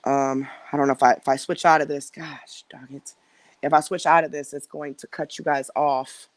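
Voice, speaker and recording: A woman's voice: low-pitched, flat delivery, normal speed, dry recording. A woman hosting a casual live stream from home on her phone, rambling and chatting directly with her viewers. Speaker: livestream host.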